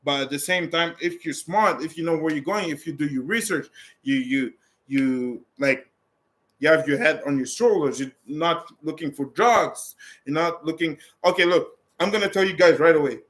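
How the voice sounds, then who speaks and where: A man's voice: a little high, normal speed, fairly bright tone. A man vlogging in a casual, rambling way as he answers viewer questions, talking bluntly with many restarts and fillers. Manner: blunt and direct.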